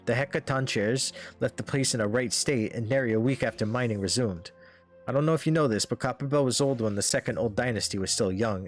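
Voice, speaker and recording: A man's voice: mid-range voice, natural voice. A man voicing a blunt male mine worker in a put-on regional accent while reading game dialogue. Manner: brisk and blunt.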